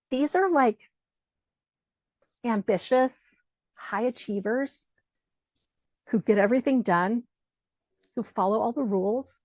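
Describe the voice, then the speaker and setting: A middle-aged woman coach speaking as a guest in a relaxed interview, her voice sitting a little high. She tells lively stories, acts out the voices of the people she quotes and swears casually. The sound is dry and close, with no room echo.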